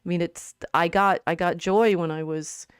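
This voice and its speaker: Grieving woman talking in halting bursts. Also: lowish voice, fairly even intonation, smooth, dry recording, studio quality. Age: middle-aged. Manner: halting, many restarts, tearful. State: grieving, near tears. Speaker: co-host. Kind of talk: casual livestream chat.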